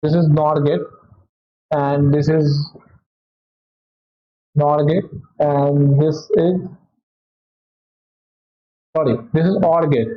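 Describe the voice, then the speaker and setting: A man with an Indian English accent, a physics teacher walking through test solutions in a halting way, often correcting himself. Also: fairly high pitch, level tone. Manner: halting, self-correcting explanation with many "okay"s. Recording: dull lo-fi audio.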